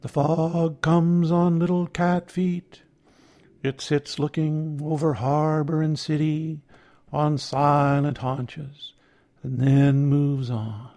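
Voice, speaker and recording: A man's voice: fairly high pitch, little pitch movement, slow, dark tone. A man reading the lines of a white-haired elderly male poet in a sing-song voice, reciting verse and singing a folk tune. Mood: sing-song recital.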